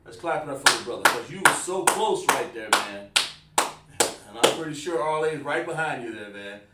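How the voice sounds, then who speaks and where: A man teaches a counting class in an easygoing, chatty way, circling back over his own phrases and dropping "man" into his sentences. His voice is mid-pitched and sounds far from the mic. The room around him is noticeably echoey. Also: animated, unhurried, sharp tone. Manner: informal, repeats phrases, says "man" often, chuckles. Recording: roomy, distant mic.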